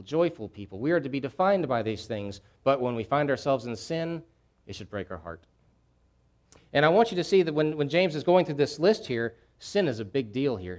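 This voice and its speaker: A man preaching a sermon, swinging from hushed, grave lows to loud, fervent emphasis and repeating key phrases. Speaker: pastor.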